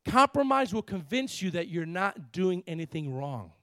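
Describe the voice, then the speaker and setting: A man preaching a lively sermon, reading scripture and repeating his words with frequent laughs. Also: high voice, moderate pace, no echo, clean studio sound. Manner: animated, repeats words, laughs often, acts out characters. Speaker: pastor.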